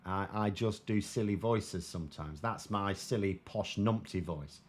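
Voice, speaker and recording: A man's voice: on the low side, unhurried. A British man giving casual political commentary and answering viewer comments in a wry, sardonic, conversational way. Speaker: political commentator, show host.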